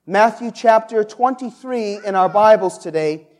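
Slow, emphatic male preacher. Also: sits high. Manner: call-and-response preaching, asks the congregation to answer; builds to loud, emphatic peaks on key words. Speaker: pastor. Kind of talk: sermon.

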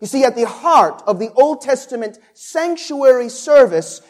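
Slow, emphatic male preacher. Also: extremely high pitch, sing-song. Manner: call-and-response preaching, asks the congregation to answer; builds to loud, emphatic peaks on key words. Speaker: pastor. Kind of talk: sermon.

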